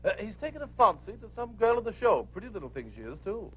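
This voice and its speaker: Posh twin brother, chirpy and clipped, high husky voice. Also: male voice, very animated, quick pace, full character voice. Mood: chipper. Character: upper-class English male theatre agent, chipper. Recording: dull old film soundtrack.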